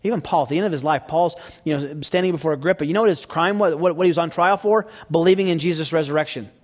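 A man with a fairly high voice preaches at a quick pace, shifting from hushed near-whispers to loud, emphatic peaks. He poses rhetorical questions to his audience.

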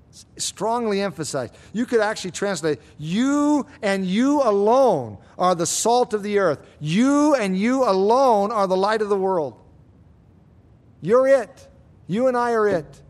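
Emphatic high-voiced male preacher. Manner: earnest, emphatic preaching with dramatic slowdowns. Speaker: pastor. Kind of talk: sermon.

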